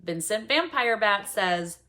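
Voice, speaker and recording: A woman teaching an online lesson to young children, slow and sing-song in a teacherly way. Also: mid-range voice, lively intonation, sharp tone, slight background noise.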